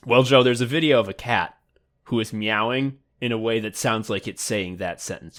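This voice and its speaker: A man's voice: medium pitch, fairly quick. A man co-hosting a comedy podcast, rambling in a mock sports announcer manner. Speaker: podcast co-host.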